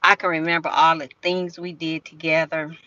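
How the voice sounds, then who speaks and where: An older woman chatting casually on a livestream, talking straight to her viewers in a slow drawl. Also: sits low, little pitch movement, sharp tone, no echo, lo-fi sound. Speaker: live streamer. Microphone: phone.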